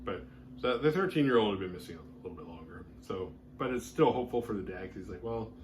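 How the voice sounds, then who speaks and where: A man with a fairly low voice recaps a horror film as a show host. He rambles casually and leans on filler words. A faint room hum sits behind him. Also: expressive, fast talker. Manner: rambling, heavy use of "like" fillers. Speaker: horror movie review host.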